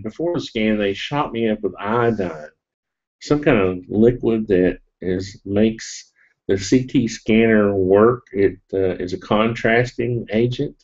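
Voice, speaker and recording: A man's voice: lowish voice, a little mellow. Sniffly, rambling man on a lo-fi stream. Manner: rambling and jokey, with fillers and laughs. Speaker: live-stream vlogger. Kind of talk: casual storytelling to a live audience. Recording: dull lo-fi webcam audio.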